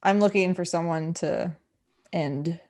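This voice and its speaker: A woman player at a tabletop game, chatting casually about her character, animated and quick to laugh. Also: fairly low pitch. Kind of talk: casual table talk while playing a character.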